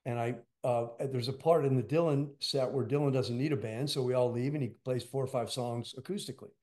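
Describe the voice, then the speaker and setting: An older man, a drummer, telling stories as an interview guest in a rambling, animated way with lots of fillers. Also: medium pitch, fairly quick, soft background music. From United States. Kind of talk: storytelling interview.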